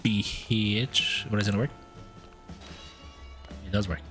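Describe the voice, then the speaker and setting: A man's voice: steady tone, takes it slowly, a bit bright, faint music behind. A man streaming a game, giving playful, casual commentary that is full of swearing. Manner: playful, swears often, swings his pitch.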